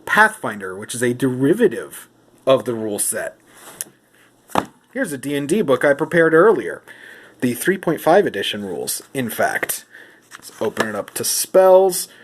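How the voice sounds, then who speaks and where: A man's voice: medium pitch, slightly rough. A man giving a mock-serious comedic vlog monologue while he leafs through rulebooks. He plays at outrage and puts questions to a silent companion. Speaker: vlogger.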